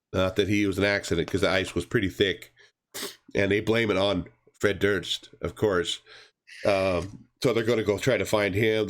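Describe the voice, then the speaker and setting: A man co-hosting a podcast, rambling casually with many fillers and restarts as he recaps a comic. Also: sits low. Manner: acts out characters' lines in a raised voice. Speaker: podcast co-host reviewing comics. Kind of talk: casual chat.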